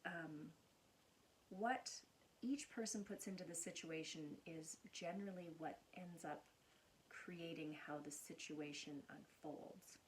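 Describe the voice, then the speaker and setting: An earnest woman counselor speaks casually to camera, walking through everyday examples. Her voice sits a little low, with a faint hiss underneath. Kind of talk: casual explanatory talk to camera.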